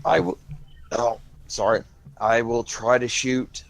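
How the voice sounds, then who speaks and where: A man's voice: mid-range voice, takes it slowly, gravelly, rough recording. A man playing a tabletop game, speaking hesitantly and stumbling over his words. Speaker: player.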